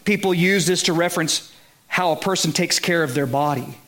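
A man's voice: a little high, normal speed, a bit bright. A man with a Southern US accent preaching a sermon in a conversational way, often checking in with his listeners and rising to emphatic peaks. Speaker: pastor.

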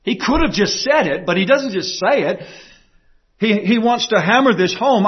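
Male preacher, slightly raised pitch, husky tone, emphatic sermon delivery, muffled lo-fi recording. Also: animated, normal speed. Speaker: pastor. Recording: dull lo-fi sound.

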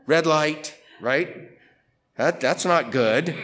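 Man, pastor, conversational sermon, higher voice, lively delivery. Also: a little slow. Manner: conversational, animated quoting of Peter and Jesus. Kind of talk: expository sermon.

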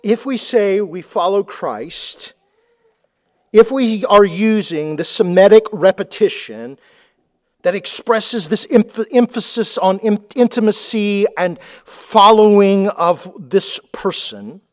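A man's voice: sits high, slow. A man preaching a sermon, emphatic and repeating words for stress. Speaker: pastor.

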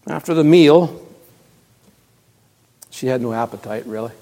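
A male pastor preaching a sermon, moving from hushed, quiet passages to loud, emphatic ones and repeating key words. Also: mid-range voice, a little slow. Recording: long reverb of a large hall.

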